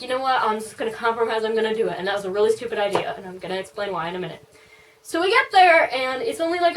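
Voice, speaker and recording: A woman's voice: on the high side, distant mic, slight background noise, rough recording. A young adult woman telling a casual storytime, rambling with lots of "like" and "um". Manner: rambling, full of "like" and "um". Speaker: vlogger.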